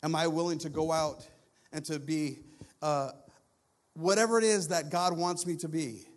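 A male guest pastor preaching a sermon with repeated, building phrases, moving between loud urgent passages and hushed low ones. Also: moderate pace.

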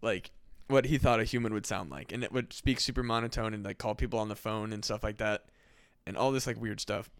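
A man with a smooth, clear voice hosts a casual podcast chat and rambles through a story, packing it with fillers and swearing. The sound is dry and close, with no room echo. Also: on the low side, fairly even intonation, brisk. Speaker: podcast host.

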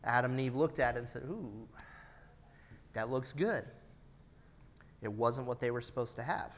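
A man in his thirties preaching an earnest, personal sermon, his loudness rising and falling for emphasis. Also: mid-range voice, level tone, quick pace, a little hiss or hum. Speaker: pastor.

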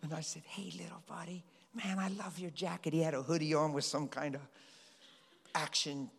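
A middle-aged pastor speaks at normal speed in a gravelly voice on the high side, with a breathy edge. He preaches animatedly to a congregation in a church hall, telling stories and pleading with them. Long hall reverb surrounds him.

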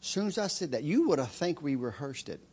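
A man preaching a sermon as a story, swinging from loud, excited shouts to hushed, intense lines. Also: fairly high pitch, fast, breathy edge.

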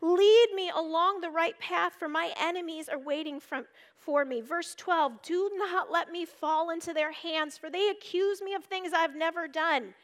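A woman giving an earnest devotional teaching, reading scripture aloud and explaining it, shifting between urgent emphasis and hushed tones. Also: extremely high pitch, measured pace, hardly any pauses. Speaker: speaker at a church gathering. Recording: reverberant hall.

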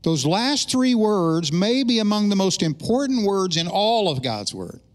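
A middle-aged man, a pastor, praying and then preaching an animated sermon with humorous asides to his congregation in a church. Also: sits high, a little slow. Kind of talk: sermon with opening prayer. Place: church sanctuary during a service.

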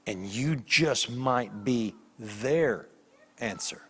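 A man preaching a sermon as a guest preacher, telling stories with lively voiced characters. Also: mid-range voice, extremely slow, husky. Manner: animated storytelling with voiced characters. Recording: long hall reverb.

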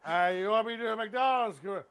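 A man doing a comic impression of a gruff older male film actor, loud and full of boozy bravado. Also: high voice, quick pace, no room sound, pitched above the performer's own voice. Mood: blustery.

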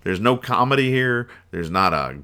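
Male podcast host, lowish and bright, sarcastic rambling comics reviewer. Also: lively intonation, normal speed, clean tone. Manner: rambling, sarcastic, chuckling asides. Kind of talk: casual comedic comics review.

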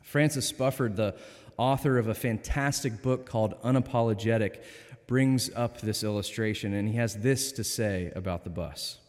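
A man preaching a sermon in a church, speaking in a measured, earnest and gentle way. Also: fairly low pitch. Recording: long reverb of a church.

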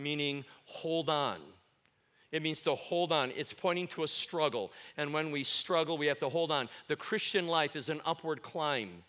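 A man preaching a sermon in a church, with a high, bright voice. He tells animated stories, bursts into loud exclamations and quizzes the congregation with questions. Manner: asks the congregation questions and pauses for answers. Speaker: guest preacher. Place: church sanctuary.

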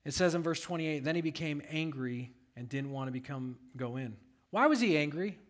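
A man's voice: on the high side, lively intonation, normal speed. A pastor preaching a sermon, reading scripture aloud and asking his congregation rhetorical questions.

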